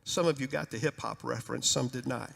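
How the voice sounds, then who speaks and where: A man preaching a sermon as pastor in a church, storytelling in a conversational, humorous, animated way. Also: medium pitch, brisk, vocal fry, big-room sound. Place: church sanctuary.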